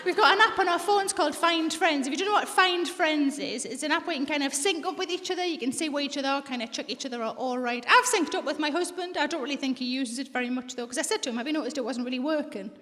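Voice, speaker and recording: A woman in her forties with a North East English accent, telling bawdy stories deadpan in a stand-up set and acting out the voices of the people in them. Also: sits high, fast talker, hardly any pauses. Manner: bawdy deadpan storytelling, acts out quoted voices. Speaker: stand-up comedian. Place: large theatre with live audience. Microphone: stage microphone. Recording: reverberant hall, loud audience laughter.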